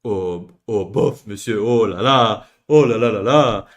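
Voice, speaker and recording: A man's voice: fairly low pitch, unhurried, voice pushed down, close to an everyday voice. A man putting on a snooty Parisian diner. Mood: haughty. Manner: exaggerated, fussy and affected.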